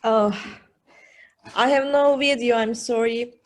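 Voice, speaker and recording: A woman's voice: fairly high pitch, steady tone, slow. A woman from Turkey delivering condolences on someone's behalf over a video call, hesitant and searching for words. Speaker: speaker for a business council.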